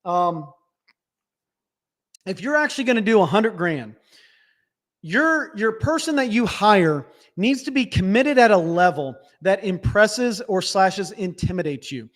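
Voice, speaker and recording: A man with a notably high voice gives blunt, practical business coaching on a live stream. He speaks straight to his audience and keeps checking that they follow him. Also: lively intonation, a little slow. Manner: direct, instructive, frequent "right?" check-ins. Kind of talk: live webinar teaching.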